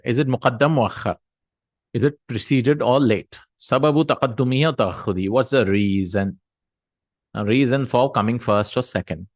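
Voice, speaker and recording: A man's voice: medium pitch, no echo. A man teaching Arabic grammar in a recorded lesson, explaining step by step and answering his own questions.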